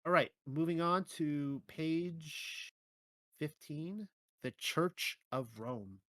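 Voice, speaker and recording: A man reading his own Bible teaching article aloud in a measured way, with occasional stumbles and wry asides. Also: a little high, a bit bright, dry recording.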